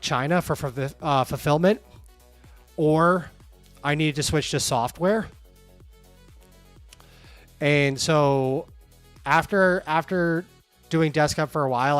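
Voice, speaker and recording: A man's voice: on the high side, no echo. Casual man livestreaming with faint music. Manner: candid, animated, reads chat comments aloud. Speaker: livestream host.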